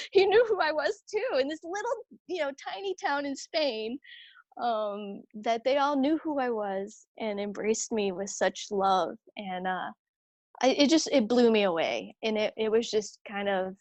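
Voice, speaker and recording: A religious sister telling a personal story in a conversation, animated and chatty, acting out what others said. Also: female voice, a little high, unhurried, no room sound. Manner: animated, acts out quoted voices; chatty, many fillers and restarts.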